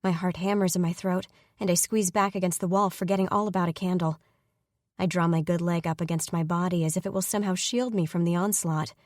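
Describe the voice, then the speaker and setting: A woman narrating a first-person fantasy romance audiobook in a steady, even storytelling manner on a close mic. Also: on the low side, fairly quick, no room sound.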